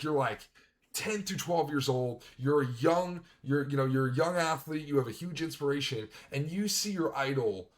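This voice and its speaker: A man with a slightly high voice vents furiously in a reaction stream. He swears freely and pushes his points hard. His talk is heated, blunt commentary. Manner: angry, profane ranting.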